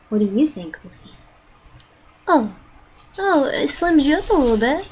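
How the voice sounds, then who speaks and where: A young woman vlogger rambles playfully into her webcam at home, cooing at her pets in a high, very animated, fairly bright voice. She's unhurried and pauses often, and the recording is rough.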